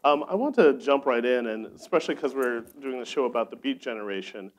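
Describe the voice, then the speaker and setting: A man's voice: medium pitch, lively intonation, fast. A man interviewing a poet onstage, friendly and firing off several questions at once. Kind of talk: onstage conversation.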